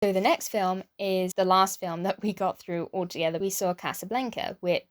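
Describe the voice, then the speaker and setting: A woman's voice: medium pitch, fairly even intonation, normal speed, soft background music. A young British woman chatting casually as a film vlogger, thinking aloud with small restarts and hedges. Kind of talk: casual chat, film review.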